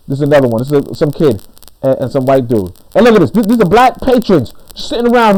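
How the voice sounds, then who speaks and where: A man giving an impassioned commentary monologue. He preaches emphatically, repeats and restarts his words, and drops lower and calmer when he reads aloud. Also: fast, low-quality recording. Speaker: commentary channel host.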